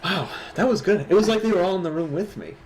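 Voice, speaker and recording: A man's voice: high voice, expressive, fast talker, darkish tone, slight background noise. A man with a Midwestern accent co-hosting an online awards stream, joking and teasing his co-host in casual chat. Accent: Midwestern American.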